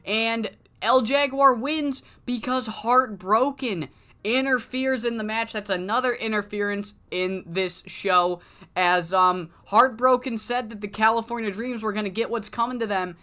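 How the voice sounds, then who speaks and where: Casual male game streamer, bright voice, rambling delivery. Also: sits high, unhurried. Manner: loose, rambling, profane, with many fillers. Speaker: streamer narrating a wrestling booking sim. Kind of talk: casual live-stream commentary.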